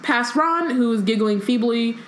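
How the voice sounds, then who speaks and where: A woman's voice: fairly high pitch, lively intonation, a little slow, a little hiss or hum. A woman co-hosting a casual book podcast, recapping the plot and reading passages aloud. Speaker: podcast co-host. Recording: echoey room.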